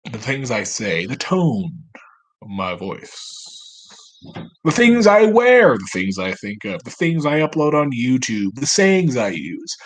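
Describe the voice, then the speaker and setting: A man's voice: mid-range voice, breathy edge. A man at home, talking straight to camera in a rambling, profane, self-mocking monologue. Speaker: vlogger.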